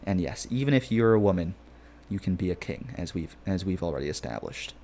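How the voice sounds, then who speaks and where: A man's voice: sits low, sing-song, fairly quick, creaky, dark tone, a little hiss or hum. A young man streaming a game, chatting casually, joking and rambling as he reads chat messages aloud.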